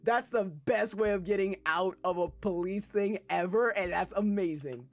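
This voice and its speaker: At a moderate pace and in a mid-range voice, a young adult let's play gamer reads dating game dialogue out loud. His commentary stays casual, with loose, profane, laughing riffs on the game text.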